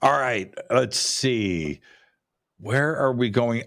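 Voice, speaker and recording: A man's voice: mid-range voice, takes it slowly, fairly bright tone, no room sound, clean studio sound. A man talking casually about pyramids as a guest, rambling, repeating words and restarting his sentences. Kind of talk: casual conversational talk.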